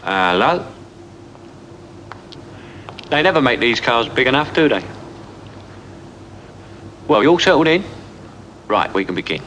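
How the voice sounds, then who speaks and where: A man's voice: medium pitch, very animated, measured pace, long pauses, a bit bright, slight background noise. An actor playing a cocky young London womanizer with a Cockney accent, chatting breezily to the audience in a 1960s film. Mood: cheeky. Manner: breezy, confiding asides to the audience.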